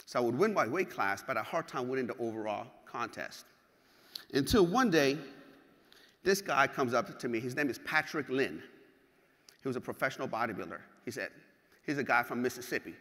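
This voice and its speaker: A man giving a motivational keynote, telling stories in an animated, profane way and acting out scenes. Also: medium pitch, fairly quick. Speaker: keynote speaker. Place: large hall. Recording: hall with long reverb.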